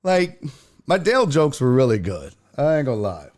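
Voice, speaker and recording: Male sports stream host, loose and profane, very animated pitch. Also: moderate pace. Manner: loose, profane, shouts out chat viewers by name; lively, jumpy pitch when retelling. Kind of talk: casual livestream chat.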